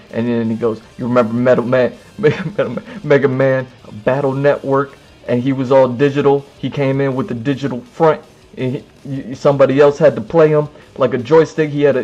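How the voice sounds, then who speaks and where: A man's voice: medium pitch, darkish tone, lo-fi sound. A male streamer telling a casual comedic story, acting out both sides of an imagined conversation.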